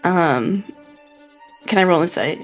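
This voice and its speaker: A woman's voice: on the low side, expressive, slow, faint music behind. A woman playing a tabletop game, explaining her character's moves in a chatty way with many filler words. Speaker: player. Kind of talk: casual tabletop play.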